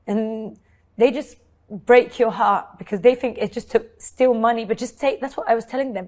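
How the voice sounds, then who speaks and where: A woman's voice: fairly high pitch, steady tone, normal speed, a little mellow. A woman in her twenties with a French accent, an interviewee telling a personal story in short, broken sentences. English is not her first language. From France. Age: 20s. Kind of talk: emotional personal account.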